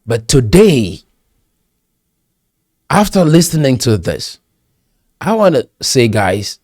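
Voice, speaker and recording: A man's voice: medium pitch, very animated, slow, long pauses, darkish tone, no echo, studio quality. A man with a Cameroonian English accent, delivering a motivational talk in an exhorting, preachy manner and repeating phrases for emphasis. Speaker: pastor and commentator.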